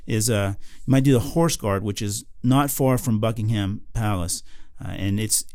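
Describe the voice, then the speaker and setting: A man's voice: lowish voice, normal speed, darkish tone, no echo. Rambling American man, dry close sound. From United States. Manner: rambling, lots of fillers and restarts, chuckles often. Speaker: podcast co-host. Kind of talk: casual chat.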